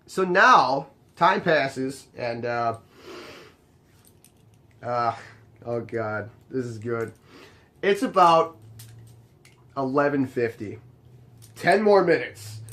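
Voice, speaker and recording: A young man casually telling a story about his job as a bar bouncer, animated and exasperated, acting out both sides of the conversation. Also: mid-range voice.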